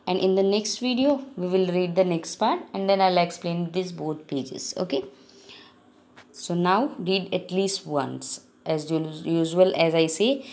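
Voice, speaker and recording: A woman's voice: lowish voice, dark tone. A woman teacher giving a patient, explanatory reading lesson to her students. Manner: patient, explanatory, mixes in Hindi. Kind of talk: recorded classroom reading lesson.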